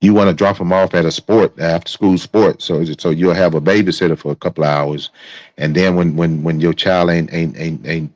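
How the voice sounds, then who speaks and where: A man's voice: low-pitched, steady tone, normal speed, darkish tone, no room sound. A male host giving angry, profane live-stream commentary, repeating himself as he vents. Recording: dry, dull lo-fi sound.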